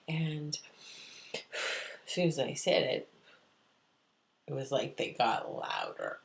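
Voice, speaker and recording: A woman telling a personal story softly and often near a whisper, repeating her phrases. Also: very deep voice, wildly swooping pitch, slow pace, vocal fry, long pauses. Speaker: psychic medium.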